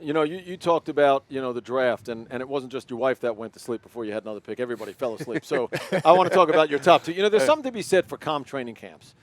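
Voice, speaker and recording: A man's voice: medium pitch, expressive, dry recording. A man hosting a sports radio show, asking long questions and teasing his guest. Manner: fast, joking, teasing. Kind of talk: radio interview.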